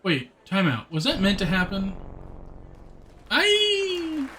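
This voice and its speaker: A man's voice: sits high, moderate pace, sharp tone, slight background noise. A man streaming a game live, chatting with viewers and reading the game's text aloud. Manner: chatty, answers chat, reads narration aloud in a plain voice.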